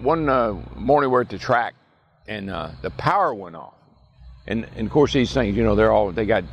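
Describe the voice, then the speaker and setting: An older man telling folksy stories in a casual way, animated as he acts out what others said. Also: lowish voice. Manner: folksy, animated storyteller who acts out quotes in a raised voice. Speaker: retired racing driver telling stories. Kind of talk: casual storytelling. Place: outdoors at a racetrack.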